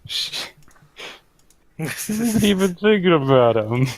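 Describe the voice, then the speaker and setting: Slow, gravelly male player. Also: sits high, sing-song, no echo. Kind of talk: casual tabletop play.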